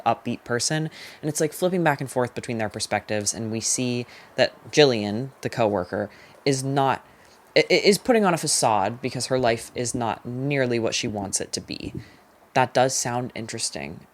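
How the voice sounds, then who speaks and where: A young adult with a medium-pitched voice chats through a casual book review vlog. They're opinionated, use lots of "like" fillers, and hand down quick, emphatic verdicts.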